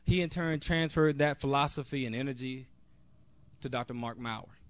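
A man's voice: mid-range voice, moderate pace, dry recording. A man, a national board member, giving an earnest, direct convention speech off the cuff, with a few restarts. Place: convention hall.

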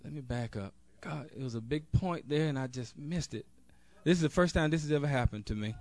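A man's voice: fairly high pitch, a little fast, a little mellow. A man, a national board member, giving an earnest, direct convention speech off the cuff, with a few restarts. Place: convention hall.

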